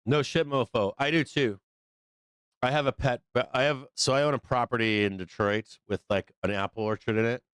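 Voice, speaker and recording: Hoarse man doing loose market commentary. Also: mid-range voice, normal speed, fairly bright tone, no room sound. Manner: loose, profane, rambling, filler-heavy. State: hoarse, losing his voice. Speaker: host of a live trading show. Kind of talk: casual live market commentary.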